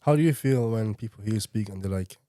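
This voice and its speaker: A man hosting a podcast, relaxed and chatty, laughing easily. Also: on the low side, fast, dry recording, studio quality. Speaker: podcast host. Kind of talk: casual conversation.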